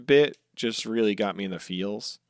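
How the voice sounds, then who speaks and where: A man co-hosting a casual podcast, excitable and profane, often acting out characters' lines. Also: on the low side, moderate pace, smooth, no room sound, clean studio sound. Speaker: podcast co-host.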